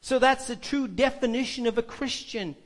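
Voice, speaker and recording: A man's voice: very high voice, normal speed. A male pastor preaching a sermon, emphatic and putting rhetorical questions to the congregation.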